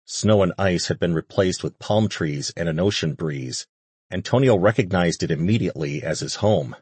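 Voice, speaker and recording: A man reading an audiobook as narrator, in a steady, measured way. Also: low voice, breathy edge, no echo. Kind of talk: scripted narration.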